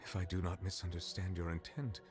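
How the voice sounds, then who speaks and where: An actor voicing a solemn male dragon sovereign and judge in game cutscene dialogue, speaking in a formal, deliberate way. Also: low voice, steady tone, soft background music, close to an everyday voice.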